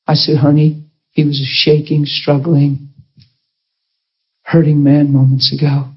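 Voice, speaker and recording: A man's voice: a little high, monotone, moderate pace, long pauses, breathy edge, muffled recording. A man preaching to a congregation and telling an emotional story, acting out the voices of the people in it. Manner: emotional, acts out quoted voices. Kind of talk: storytelling sermon.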